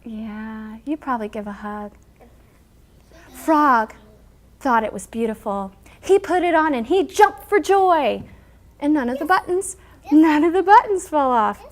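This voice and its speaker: A woman teacher reading a picture book aloud to her class, acting out the characters' lines with animated emphasis and pausing to explain. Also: high voice. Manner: animated storyteller, acting out character lines with big loud pushes.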